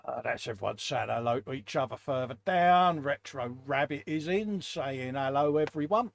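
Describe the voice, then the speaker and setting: A man's voice: medium pitch, animated, moderate pace, gravelly, a little hiss or hum. A British man hosting a casual live stream, greeting viewers one by one in a chatty, matey way. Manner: chatty, greets viewers, calls everyone mate. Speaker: host.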